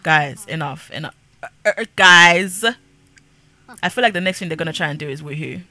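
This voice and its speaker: Young woman, gaming YouTuber, casual let's-play chatter, frequent laughter, slightly low pitch, bright tense tone. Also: brisk. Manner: chatty, laughs often, narrates the characters' dialogue.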